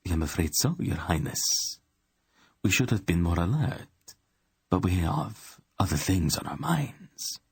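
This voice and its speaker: A man playing a thin, calm spymaster who reports in a polite, even way. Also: low-pitched, a little slow, slightly rough, dry recording, full character voice.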